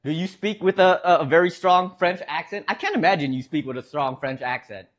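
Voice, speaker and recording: A man's voice: on the high side, a little fast. Rambling male streamer chatting to viewers. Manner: rambling, hesitant, restarts often, chuckles. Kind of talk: casual chat with stream viewers.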